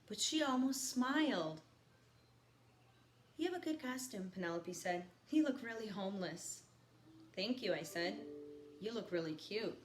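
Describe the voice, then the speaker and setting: A woman teacher reading a novel aloud to her students, stopping for quiet teaching asides. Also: mid-range voice. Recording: echoey room with faint background noise.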